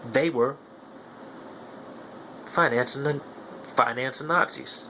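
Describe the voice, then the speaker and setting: A man's voice: medium pitch, takes it slowly, background noise. A young man hosting a podcast, delivering a heated, profane monologue that hammers his points home through repetition. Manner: profane, ranting, repeats himself insistently. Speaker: podcast host.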